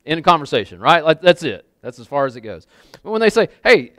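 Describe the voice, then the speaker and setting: This pastor talks fast in a slightly high, somewhat bright voice with big pitch swings, preaching a sermon in a church sanctuary to a congregation. He's loose and conversational, leaning on casual fillers and repeats. The recording is dry and studio quality.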